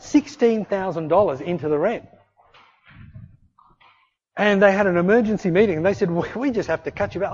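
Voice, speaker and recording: A man preaching a sermon in a conversational, animated way, acting out little voices in his stories. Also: high-pitched, husky. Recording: dull lo-fi recording.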